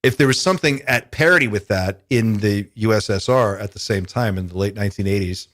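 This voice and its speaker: Man, podcast host, low voice, musing, casual chat, dry sound. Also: fairly quick, fairly bright tone, no room sound. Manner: musing, speculative, many fillers.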